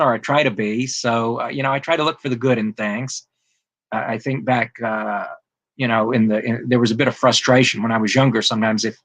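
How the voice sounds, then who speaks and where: A man's voice: mid-range voice, fairly bright tone, dry recording. A man speaking as the guest author in an interview, in an earnest and thoughtful way. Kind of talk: interview conversation.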